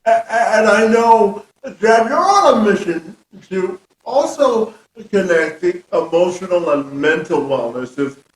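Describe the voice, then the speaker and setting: A man's voice: high-pitched, far from the mic. A man hosting an interview podcast, who asks long questions full of "uh" and "um". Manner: rambling questions with many fillers. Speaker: podcast host. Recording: echoey room, off mic.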